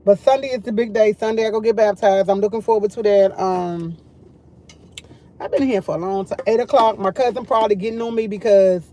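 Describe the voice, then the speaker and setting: A woman's voice: mid-range voice, dark tone. A woman hosting a casual morning livestream, chatting and rambling directly to her viewers. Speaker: livestream host.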